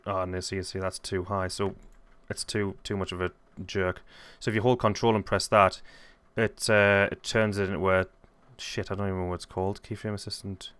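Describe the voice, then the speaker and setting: A man hosting a casual software tutorial, rambling and correcting himself as he thinks aloud. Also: low voice, little pitch movement, moderate pace, hardly any pauses, smooth, dry recording. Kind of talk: casual screen-recorded tutorial.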